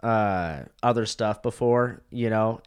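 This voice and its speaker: A man's voice: on the low side, takes it slowly, smooth. A man guesting as a comedian on a podcast, laid-back in casual chat, swearing and saying "dude" and "bro".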